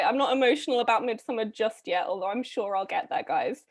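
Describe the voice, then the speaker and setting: Woman host, slightly high voice, brisk and chatty on a video call. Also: expressive. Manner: chatty, brisk, with frequent ums and little laughs. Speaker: read-a-thon host casting readers. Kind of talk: casual live-stream casting call.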